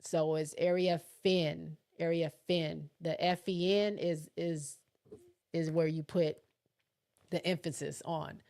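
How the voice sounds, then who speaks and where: A woman's voice: sits low, a little mellow. Chatty woman hosting a sports livestream. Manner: chatty, loose, thinking aloud with fillers and laughs. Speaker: livestream host. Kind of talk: casual chat reading live comments.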